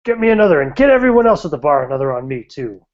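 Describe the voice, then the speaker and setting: Guy putting on a loud hearty drinker buying rounds, higher voice, muffled. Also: very animated, racing. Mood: boisterous. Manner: boisterous, hearty. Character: loud generous drinker at a bar.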